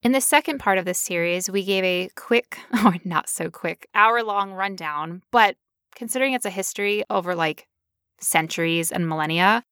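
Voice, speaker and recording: A woman's voice: on the low side, normal speed, fairly bright tone, clear, resonant tone, no room sound, clean studio sound. A woman co-hosting a podcast, talking casually with sarcastic asides. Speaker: podcast co-host.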